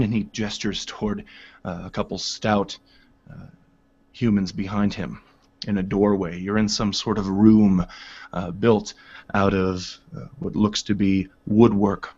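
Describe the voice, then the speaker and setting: A man narrating a tabletop game as game master, relaxed and full of ums and uhs. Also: lowish voice, measured pace, breathy edge. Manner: relaxed, filler-heavy narration. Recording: dull lo-fi home recording.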